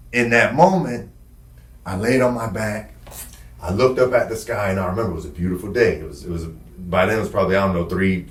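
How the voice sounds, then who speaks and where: Man, casual storytelling, profane, animated, echoey room. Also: lowish voice. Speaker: podcast guest telling his story.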